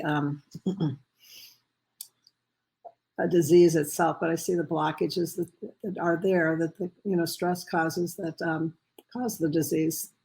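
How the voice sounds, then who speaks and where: A woman answering questions as a guest on a radio interview, halting with frequent ums and uhs. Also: low-pitched, creaky, a little mellow, rough recording. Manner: hesitant, many ums and uhs. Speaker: guest, medical intuitive.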